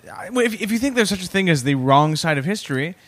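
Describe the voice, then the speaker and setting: A man's voice: sits high, big pitch swings, fairly quick, a bit bright. A man co-hosting a comedy podcast, chiming in with dry quips and agreement. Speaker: podcast co-host. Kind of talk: casual comedic chat.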